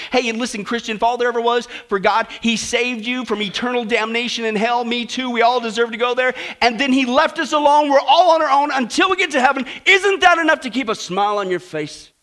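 Man, preaching sermon, bright forceful tone, high pitched. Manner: animated, exhorting.

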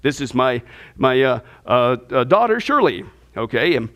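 God, deep fatherly voice, halting , done by a man teacher. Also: very animated, a bit bright. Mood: fumbling. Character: God, calm fatherly heavenly voice.

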